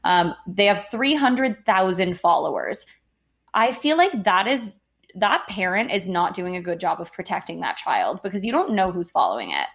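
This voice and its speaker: A woman's voice: lowish voice, very animated, moderate pace, gravelly. A young woman co-hosting a casual podcast. She talks bluntly and indignantly, swearing freely as she makes her point. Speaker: podcast co-host. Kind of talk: casual chat.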